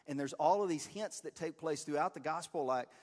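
A man's voice: on the high side, fairly quick, darkish tone. Guy pastor preaching, chatty and earnest, lots of "like" and "you know", big echoey hall. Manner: conversational, earnest, with many fillers. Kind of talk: sermon.

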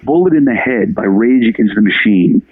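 A man's voice: fairly low pitch, expressive, moderate pace, dry recording. A man talking as a guest in an interview, emphatic and passionate, swearing often. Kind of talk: casual interview. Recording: dry phone-line sound.

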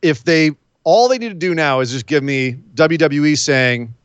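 A man co-hosting a casual wrestling chat podcast, animated and joking. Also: fairly high pitch, moderate pace, clear, resonant tone, dry recording, dull audio. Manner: animated, mocks wrestlers in silly voices.

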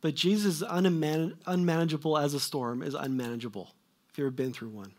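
A male preacher with a fairly high voice delivers a sermon. He swings between loud, emphatic questions and quiet asides that trail off. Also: a little fast.

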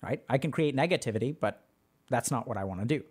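A man hosting a livestream, explaining ideas to his chat in a relaxed, slangy way full of fillers. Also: mid-range voice, fast, breathy edge. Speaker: livestream host answering chat. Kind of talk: casual teaching chat.

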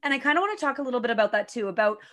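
A woman's voice: fairly high pitch, expressive, very fast. A woman hosting a podcast interview, chatty and encouraging. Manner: warm, effusive, encouraging. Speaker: podcast host. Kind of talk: casual interview chat.

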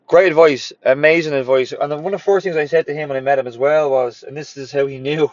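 A man's voice: on the high side, fairly even intonation, quick pace, no room sound, lo-fi sound. A gym owner and former personal trainer telling his story to motivate others, candid, swearing freely and repeating phrases for emphasis.

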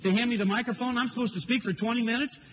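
A man's voice: very high voice, steady tone, rapid-fire, fairly bright tone, a little hiss or hum. An older man preaching a sermon, telling a personal story in an earnest, emotional way. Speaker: pastor.

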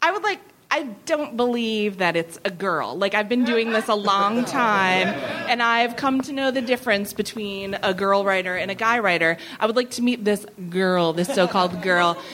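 A woman in her thirties telling a comic anecdote at a live venue, animated and often laughing. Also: mid-range voice, moderate pace, hardly any pauses, crowd noise. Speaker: comedy writer guest. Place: live venue before an audience.

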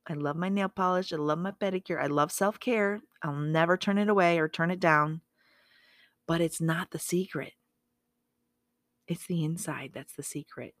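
Upbeat woman podcaster, low voice, dry close mic, rambles n corrects herself. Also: moderate pace, no echo. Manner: upbeat, self-correcting, chatty with asides to herself. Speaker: podcast host. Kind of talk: motivational podcast monologue.

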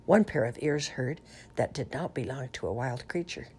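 A woman reading a children's novel aloud in an expressive, measured way. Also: a bass voice, husky. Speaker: storyteller.

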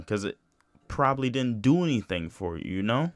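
Alone on his podcast, a young man talks in a casual, rambling, profane way, with lots of "you know" and restarts. His mid-range voice is animated and moderately paced, and the recording has no room sound.

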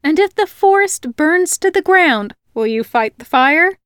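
A woman reading an audiobook voices a bold, cheerful young village woman who teases and insists in a raised, bright voice. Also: sits high, lively intonation, a little slow, dry recording, studio quality, pitched above the performer's own voice. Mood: playful retorting. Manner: teasing, laughing, insistent.

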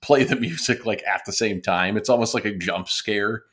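A young man co-hosts a podcast, chatting casually with dry, sarcastic humor. His voice is fairly low and a bit bright, at a moderate pace.

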